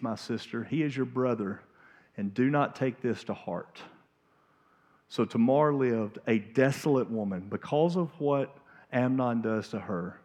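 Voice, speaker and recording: A man preaching a sermon in a church, emphatic, swinging from hushed to loud and pleading. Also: medium pitch. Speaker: pastor. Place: church sanctuary.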